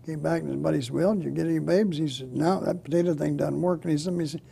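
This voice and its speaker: Older man, comedian, folksy joke-telling, laughs at own punchlines, dark mellow tone, gravelly. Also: on the high side, fast talker, a little hiss or hum. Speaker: comedian guest. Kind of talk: telling jokes in a chat.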